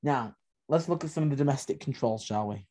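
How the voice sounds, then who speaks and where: A man's voice: mid-range voice, brisk, mellow. A man co-hosting a history podcast, talking animatedly with sarcastic asides. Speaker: podcast co-host. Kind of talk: casual history podcast discussion.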